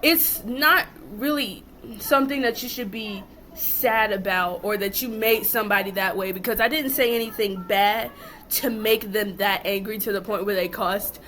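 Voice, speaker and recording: A woman's voice: mid-range voice, normal speed, a bit bright. A young woman, talking to camera in a casual rant, mocking and then lecturing firmly. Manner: laughs hard and mocks, then lectures firmly. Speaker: vlogger.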